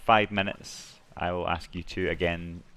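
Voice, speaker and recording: A man's voice: low voice, level tone, a little slow, bright, forceful tone, clear, resonant tone. A man hosting a game livestream, chatty and reading out viewer messages. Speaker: stream host. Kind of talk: casual game stream chat.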